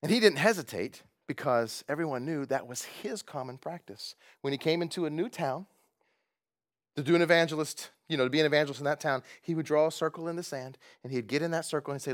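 A man preaching as a pastor, animated and jokey, laughing now and then. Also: a little high, quick pace. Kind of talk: sermon. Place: church gathering.

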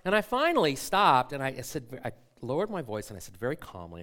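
A man's voice: medium pitch, wildly swooping pitch, fairly quick, few pauses, a bit bright. A man in his forties, a pastor, preaching a sermon by telling a self-mocking personal story and acting out the dialogue.

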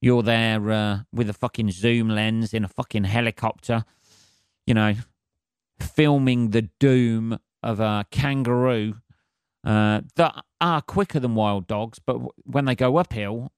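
Dozy guy on painkillers rambling n swearing, lowish voice, dead dry close mic. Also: measured pace, smooth, no echo. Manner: sweary, meandering, self-interrupting. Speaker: podcast host. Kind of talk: rambling solo podcast monologue.

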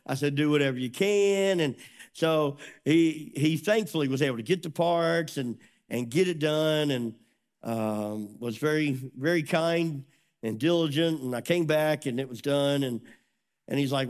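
A middle-aged pastor delivers a sermon, his voice sitting a little high for a man. He tells stories animatedly and acts out the dialogue as he goes. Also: moderate pace, darkish tone.

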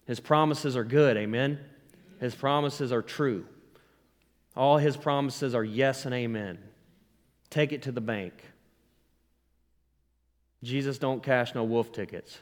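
A man's voice: medium pitch, slow, long pauses. Preaching man in a reverberant hall. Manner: preaching with rising emphasis and call-and-response asides. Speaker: pastor. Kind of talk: sermon.

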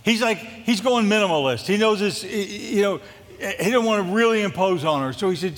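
Animated male pastor in a reverberant hall. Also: high voice, brisk. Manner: animated, jokey storytelling that acts out scripture quotes. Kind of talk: sermon.

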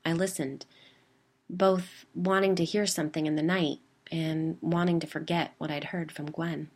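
A woman hosting a podcast, reading her own story in a calm, measured way. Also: low-pitched. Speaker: podcast host and narrator. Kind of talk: scripted story narration.

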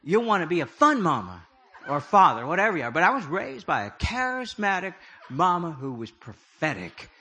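A man's voice: high-pitched, big pitch swings, normal speed, pushed and bright, slightly rough. A middle-aged man preaching a humorous sermon, telling stories with jokey, self-deprecating asides. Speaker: prophetic speaker.

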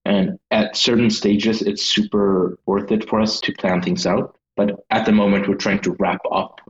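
A man's voice: on the low side, flat delivery, moderate pace, lo-fi sound. A man with a Swedish accent, a game designer talking hesitantly as a guest and searching for his words. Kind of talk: casual interview chat.

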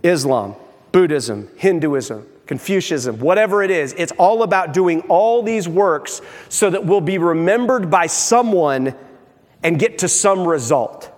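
High-voiced preacher in a big hall. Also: male voice, unhurried. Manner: animated preaching, acting out quoted voices. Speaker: pastor. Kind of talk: sermon. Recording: long reverb of a large hall.

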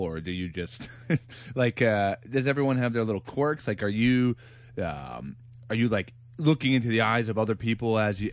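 Low-voiced man asking long questions. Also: dry recording. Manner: asks long, stacked questions. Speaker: interviewer. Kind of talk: casual interview.

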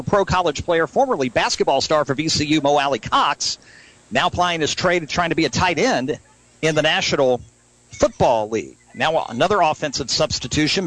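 A man calling a youth softball game live as a radio play-by-play announcer, brisk and lifting on big plays. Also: fairly high pitch, dry recording, low-quality recording. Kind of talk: live sports play-by-play commentary.

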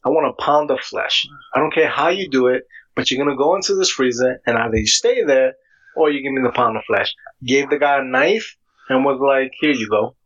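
A man's voice: medium pitch, a little fast, fairly bright tone. A man in casual chat, talking in a laid-back, slangy way. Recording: dull lo-fi sound.

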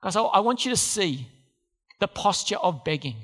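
A man's voice: sits high, very animated, normal speed, fairly bright tone, in a large hall. A man preaching a sermon as pastor, emphatic and repeating key phrases. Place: church.

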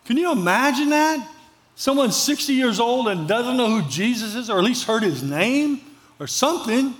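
A man's voice: very high voice, big pitch swings, normal speed. A male pastor preaching a sermon in a conversational, storytelling way, repeating phrases for emphasis.

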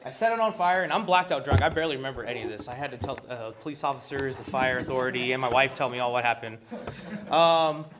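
A man's voice: mid-range voice, animated, fast, over a noisy crowd. A man telling his story at a recovery meeting in a loose, profane way, full of ums and you-knows. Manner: loose and profane, heavy with fillers. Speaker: member sharing at a recovery meeting. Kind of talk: casual personal share.

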